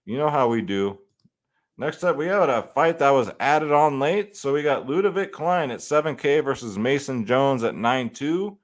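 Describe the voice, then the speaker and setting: A man hosting a fantasy sports picks video, talking casually and swearing freely as he breaks down upcoming fights. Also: mid-range voice. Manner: laid-back and conversational, swears freely and says "man" often.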